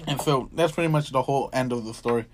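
Over a noisy background, a young podcast host talks quickly in a mid-range voice, meandering from one story to the next in casual chat. Profanity flows easily, and he performs other people's lines as he goes.

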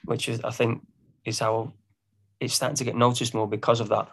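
Man, English accent, singer-songwriter guest, gravelly, mid pitch, hesitant, laughs at himself. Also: level tone, a little fast, a bit bright. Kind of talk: casual podcast interview.

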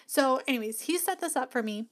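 A woman's voice: high-pitched, lively intonation, fairly quick. A woman hosting her own podcast, talking casually and encouragingly with frequent laughs, recorded on a podcast mic. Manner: chatty, upbeat, encouraging, laughs often. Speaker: podcast host and business coach. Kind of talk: casual motivational podcast talk. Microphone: podcast mic plugged into an audio box.

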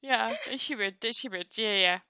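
A woman's voice: mid-range voice, moderate pace, pushed and bright, smooth, dry recording. A woman co-hosting a podcast in casual chat, laughing often and swearing casually as she acts out characters. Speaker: podcast co-host.

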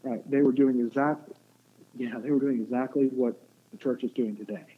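A man's voice: mid-range voice, fairly even intonation, moderate pace. Male guest, casual faith talk, rambling, tinny line. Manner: rambling, restarts often, acts out quotes. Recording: muffled phone-like line with faint noise.

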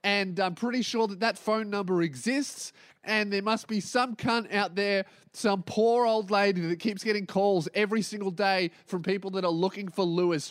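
An Australian man on a podcast, going off in a swearing, comic rant with a fairly high voice. He rattles off mocking impressions of other people mid-story, and the sound is dry and close, with no room around it. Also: a bit bright, no room sound. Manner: ranting, swearing, mimicking others in quick asides. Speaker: podcast host. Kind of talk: profane comedic rant.

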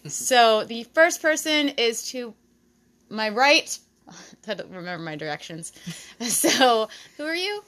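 A woman's voice: a little high, very animated, takes it slowly, fairly bright tone. A woman hosting a podcast, chatting and joking with friends around a table and laughing often. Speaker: podcast host. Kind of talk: casual chat with friends.

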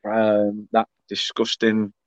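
A man's voice: fairly low pitch, monotone, slow, clear, resonant tone, no room sound, dull audio. A man hosting a casual talk show, chatty, laughing often and reading comments aloud. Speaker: podcast host reading viewer comments. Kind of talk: casual chat.

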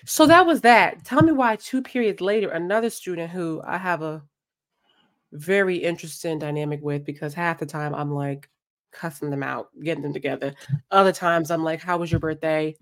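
A young adult woman co-hosting a casual podcast, telling a work story in an animated way and acting out what people said. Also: low voice, moderate pace. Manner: animated storytelling with voiced-out quotes. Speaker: podcast co-host. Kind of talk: casual chat.

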